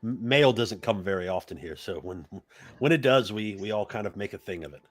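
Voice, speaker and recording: A man's voice: fairly low pitch, expressive, fairly quick. A man narrating a tabletop game as game master, talking loosely with lots of fillers. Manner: rambling, loose, with many fillers.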